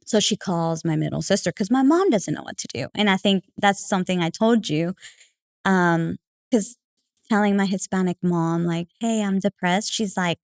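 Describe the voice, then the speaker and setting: A woman's voice: mid-range voice, moderate pace, no room sound. Chatty woman telling stories, dry sound. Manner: chatty, full of fillers like "like" and "you know"; animated, acting out quoted remarks. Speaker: podcast guest. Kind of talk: casual conversational storytelling.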